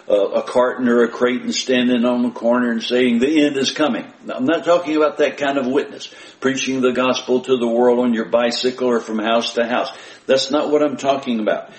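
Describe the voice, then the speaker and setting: A man preaches with earnest emphasis, circling back to his main points and speaking straight to his listeners. His voice sits at an ordinary middle pitch. The sound carries a roomy echo, as from a church hall. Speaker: pastor. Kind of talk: sermon.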